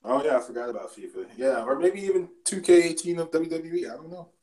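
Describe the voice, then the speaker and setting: A man's voice: a little high, fast talker, a little mellow, low-quality recording. A man co-hosting a wrestling podcast, talking in a laid-back, slangy way with frequent laughs. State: sore after the gym. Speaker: podcast co-host. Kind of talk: casual chat.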